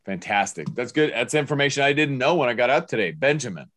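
A man's voice: mid-range voice, lively intonation, fast talker, a bit bright, no echo. An older man hosting a podcast, upbeat and motivational, fond of wordplay. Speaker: podcast host. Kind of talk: casual podcast interview.

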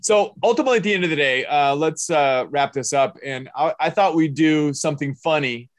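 A man's voice: on the high side, a little fast, no echo. Older guy hosting a podcast, upbeat, motivational, dry close sound. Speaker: podcast host. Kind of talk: casual podcast interview.

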